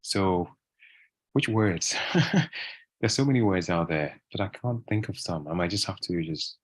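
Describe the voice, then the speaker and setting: A man chatting casually as an interview guest, relaxed and rambling, with many fillers and restarts. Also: low voice, a little slow, slight background noise. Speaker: guest English speaker.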